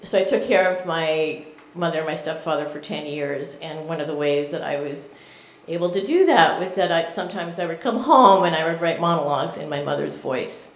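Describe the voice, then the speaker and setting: Woman reading poetry in an echoey lounge. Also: low voice. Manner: slow, measured reading with chatty asides. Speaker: poet. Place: lounge with live audience. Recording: echoey room.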